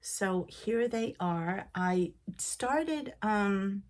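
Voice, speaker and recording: A woman's voice: mid-range voice, animated, extremely slow, a little mellow. A woman in her sixties, born in Liverpool and living in Canada for decades, hosting a knitting podcast in a chatty, rambling way, laughing often as she gets over a cold. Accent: Liverpool with Canadian influence. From Liverpool, England. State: recovering from a cold. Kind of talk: casual chat.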